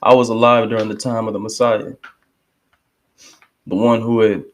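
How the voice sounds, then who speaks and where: A man's voice: on the low side, level tone, moderate pace. A man hosting a reaction video, talking casually and emphatically with fervent bursts. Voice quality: conversational, emphatic, lapses into quoting others. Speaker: channel host reacting to a speech.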